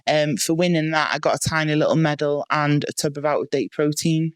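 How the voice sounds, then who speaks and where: A woman athlete answering interview questions in a relaxed, casual way, with plenty of "um" and "like". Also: sits low, a little fast, no echo. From United Kingdom. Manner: relaxed, filler-heavy, with frequent "um" and "like". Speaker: strongwoman athlete, podcast guest.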